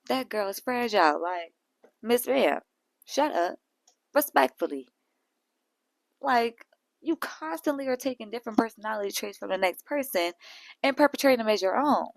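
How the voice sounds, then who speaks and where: A woman's voice: mid-range voice, lively intonation, moderate pace, vocal fry, no room sound. A woman hosting a reality show recap, talking in a sassy, blunt way full of slang. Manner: sassy and blunt, heavy on slang like "girl" and "sis". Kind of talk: casual recap commentary.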